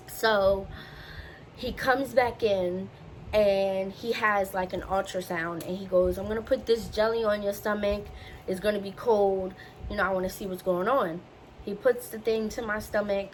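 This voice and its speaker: Young woman, vlogger, personal storytelling, animated, faint background noise. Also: medium pitch. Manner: animated retelling with voiced quotes. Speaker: beauty vlogger.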